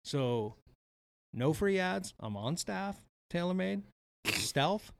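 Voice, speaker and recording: A man co-hosting a podcast, telling a golf story in casual chat, animated and profane, acting out what people said. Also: high-pitched, takes it slowly, gravelly, slight background noise. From Wisconsin. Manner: animated, profane, acts out quotes. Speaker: podcast co-host.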